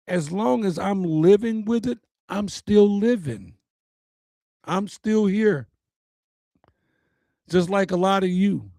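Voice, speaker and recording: A man's voice: high-pitched, dark tone, dry recording. A man hosting his own show, delivering a personal, uplifting message in an earnest, preacher-like way with repeated phrases.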